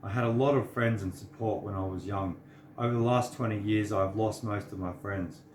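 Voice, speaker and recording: A man's voice: lowish voice, steady tone, normal speed, a little mellow, a little hiss or hum. Earnest man in an echoey room. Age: 30s. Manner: earnest, sincere and preachy. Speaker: vlogger. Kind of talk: personal monologue to camera.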